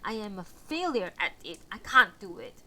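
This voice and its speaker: A woman voicing a tired grown son, an evangelist, who speaks in a flat, worn-out voice. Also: medium pitch, moderate pace, low-quality recording. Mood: weary.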